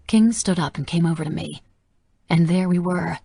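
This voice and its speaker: A woman narrating a romance audiobook softly and intimately. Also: fairly low pitch, normal speed, vocal fry, slightly rough. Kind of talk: scripted narration.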